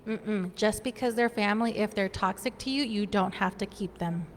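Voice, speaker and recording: A woman coach on a discussion panel who gives advice in an earnest, deliberate way. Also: medium pitch, long reverb tail, a little hiss or hum.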